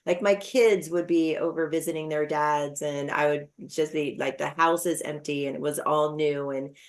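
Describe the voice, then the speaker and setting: A woman's voice: deep voice, steady tone, normal speed. A middle-aged woman hosting a podcast interview, chatting casually with lots of fillers and personal stories. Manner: chatty, warm storytelling with frequent fillers. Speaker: podcast host.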